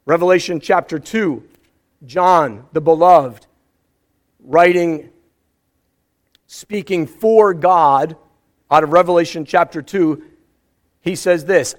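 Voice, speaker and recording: A man preaching a sermon as pastor, lively and dramatic, acting out scripture passages as he teaches. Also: high voice, a little slow. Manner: animated, acts out scripture with exclamations.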